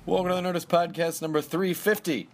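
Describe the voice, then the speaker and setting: A man's voice: high voice, faint music behind. A man hosting a podcast, chatting casually and jokily and reading ads with silly bursts. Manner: jokey, animated, quick bursts of silliness. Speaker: podcast host. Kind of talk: casual podcast chat and ad reads.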